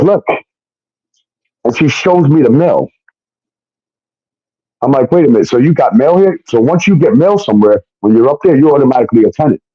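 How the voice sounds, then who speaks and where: A guest tells his personal story in a heated, casual way, swearing often and acting out what other people said. His voice is a little high with a dark tone, captured in dull lo-fi sound.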